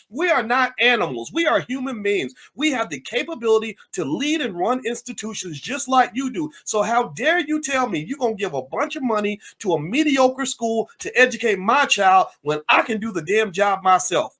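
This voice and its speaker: Man, angry commentary, lively pitch, slightly high voice. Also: normal speed, hardly any pauses. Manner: fiery, rhetorical questions, angry. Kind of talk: impassioned political commentary.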